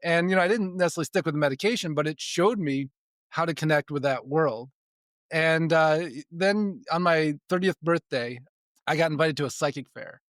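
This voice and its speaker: A man's voice: on the high side, fairly quick, fairly bright tone, no room sound, clean studio sound. A man in his forties telling personal stories as a podcast guest, in a casual way that often restarts and repeats words and breaks into chuckles. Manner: chuckles between sentences. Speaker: podcast guest, spiritual development coach. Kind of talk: casual storytelling in conversation.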